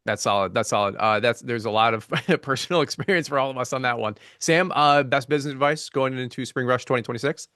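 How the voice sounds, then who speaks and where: A man's voice: mid-range voice, fast talker, hardly any pauses, fairly bright tone, dry recording. Upbeat male webinar host, dry sound. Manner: upbeat, earnest, sports-talk energy. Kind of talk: casual panel discussion.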